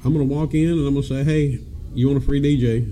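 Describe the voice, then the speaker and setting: A man's voice: medium pitch, fairly even intonation, fast talker, warm tone, a little hiss or hum. A man, a podcast co-host telling rowdy stories with lots of laughter and cursing. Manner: rowdy, laughing, profane storyteller. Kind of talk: casual storytelling chat.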